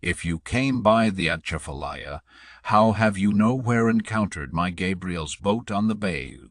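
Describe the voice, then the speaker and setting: A man's voice: fairly low pitch, lively intonation, unhurried, dry recording, studio quality. A man reading the lines of a hearty, cheerful older blacksmith in a storybook poem, reassuring in tone. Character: hearty older male blacksmith turned herdsman.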